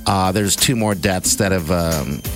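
A man hosting a morning radio show, chatty and quick to laugh. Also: low voice, over music. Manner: laughs often, lively and chatty. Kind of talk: casual radio banter.

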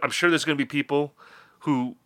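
A young Midwestern man co-hosting a podcast, talking in a loose, rambling way full of fillers. His voice is bright and crisp, and the sound is close and dry. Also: on the high side, a little fast, no room sound. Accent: Midwestern American. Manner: rambling, lively, with many fillers and restarts. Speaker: podcast co-host. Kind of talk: casual podcast chat.

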